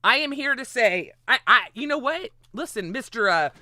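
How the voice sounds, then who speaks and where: A woman hosting a livestream in casual, rambling chat, excitable and often swearing. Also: a little high, normal speed, dry recording. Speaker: livestream host.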